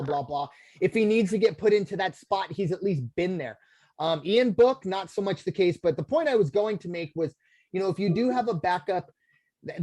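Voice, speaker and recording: A man's voice: high-pitched, mellow, no echo. An American man co-hosting a sports podcast, talking casually in long rambling runs full of fillers and restarts. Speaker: podcast co-host.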